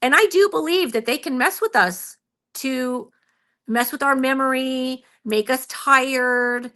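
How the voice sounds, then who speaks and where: Bright, tense-voiced woman recounting a scare. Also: high voice, takes it slowly. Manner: earnest, shaken, many fillers and quoted self-talk. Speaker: guest, Bigfoot researcher. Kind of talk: telling a personal story in a radio interview.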